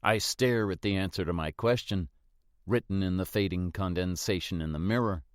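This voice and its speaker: A man reads a first-person thriller with a tense, suspenseful delivery. His voice sits on the low side. The recording is dry and close. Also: moderate pace, dry recording. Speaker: audiobook narrator. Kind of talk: first-person scripted narration.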